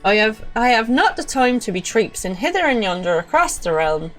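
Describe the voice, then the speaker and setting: A brash, blustering game character, voiced by a woman in a clumsy mock Scottish accent, pitched well up and loud. The lines come slow and deliberate, with faint game music behind. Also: sing-song. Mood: pompous. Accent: botched mock Scottish. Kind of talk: reading game dialogue aloud.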